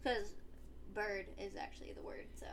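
A woman's voice: medium pitch, steady tone, normal speed, slight background noise. A woman co-hosting a casual podcast chat, goofy and teasing. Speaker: podcast co-host.

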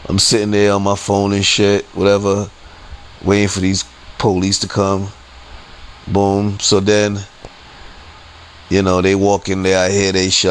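A man's voice: low-pitched, a little hiss or hum, rough recording. A man telling a frustrating story in a heated, profane, repetitive rant on his podcast. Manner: heated, profane, repeats himself a lot. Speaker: podcast host.

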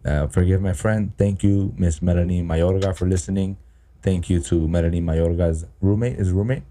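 A man's voice: deep voice, steady tone, moderate pace, warm tone, slight background noise. A man co-hosting a casual podcast chat, joking crudely and swearing often. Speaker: podcast co-host.

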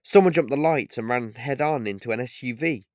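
A man voicing a shaken male regular who is out of breath and speaks in rushed, halting bursts. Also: mid-range voice, no room sound, clean studio sound, close to an everyday voice.

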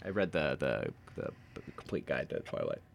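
A man's voice: a bass voice, big pitch swings, moderate pace, vocal fry. A man co-hosting a podcast, recapping a novel chapter by chapter with sarcastic jokes and asides. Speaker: podcast co-host. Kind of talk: casual chat and book recap.

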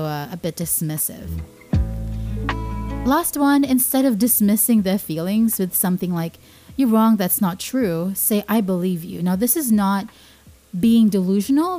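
Young woman host, mellow warm voice, earnest, casual explainer delivery. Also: medium pitch. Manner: earnest, repeats key points for emphasis. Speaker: podcast host. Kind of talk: casual informative talk.

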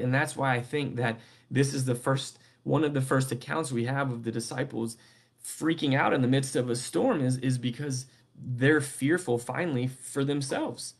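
A man's voice: medium pitch, gravelly, breathy edge. A young adult man preaching a casual sermon, talking conversationally and often checking in with "right?". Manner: conversational, keeps asking "right?".

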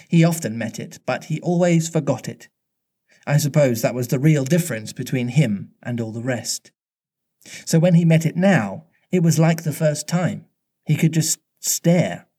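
A man reading a children's storybook aloud in a measured way, slowing down at tense moments. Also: mid-range voice, warm tone.

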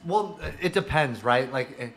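A man's voice: medium pitch, expressive, normal speed, background noise. A young man, a podcast co-host, chatting in a brash, teasing way and swearing freely. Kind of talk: casual chat.

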